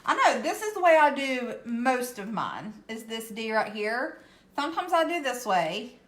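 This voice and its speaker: A woman walks viewers through a casual painting tutorial in a chatty, reassuring way, often checking in with "okay?". Her voice sits fairly high. The room around her is echoey. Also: very animated, normal speed, a bit bright. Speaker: craft channel host.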